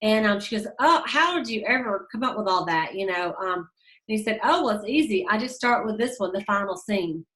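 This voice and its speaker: A woman with a drawl talks casually to her team, encouraging them through stories. She fills pauses with "um" and "you know" and repeats key lines for emphasis, at an ordinary middle pitch. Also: lively intonation, a bit bright. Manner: storytelling, many fillers, emphatic repetitions. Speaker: sales team leader giving a motivational talk. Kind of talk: casual motivational talk.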